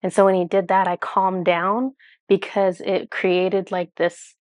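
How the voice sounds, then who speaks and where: A woman's voice: medium pitch, flat delivery, unhurried, darkish tone, no echo. Chatty woman telling a spiritual story. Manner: chatty and rambling, full of "like" and self-corrections. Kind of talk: casual storytelling to viewers.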